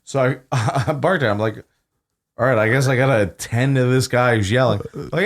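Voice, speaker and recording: A young man co-hosts a podcast, telling a work story in casual chat with a brisk, mid-range voice. He's an animated storyteller who acts out the customers in a raised voice.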